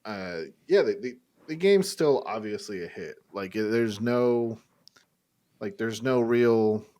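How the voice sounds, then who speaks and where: A man co-hosting a gaming podcast, chatting casually and excitedly with swearing and filler words. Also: fairly low pitch, slow. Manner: animated, swearing, "like" and "dude" fillers. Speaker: podcast co-host. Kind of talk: casual chat.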